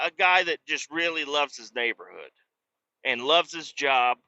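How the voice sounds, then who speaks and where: Man, 30s, chatty podcast host: lively pitch, dry, slightly dull recording. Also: no room sound. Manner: animated, rambling, swears often, laughs a lot. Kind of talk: casual podcast monologue. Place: driving in a car on a bumpy road.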